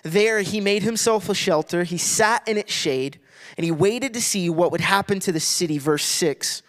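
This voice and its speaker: A man's voice: sits high, moderate pace. A man teaching a Bible story in a loose, playful way, acting out the characters and laughing as he goes. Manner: playful, acts out voices, laughs often, many restarts.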